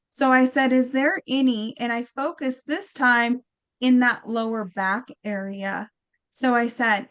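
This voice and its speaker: Animated storytelling woman, high voice. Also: clean tone. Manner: animated, acts out quotes, many fillers. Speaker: guest healer. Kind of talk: storytelling in casual chat.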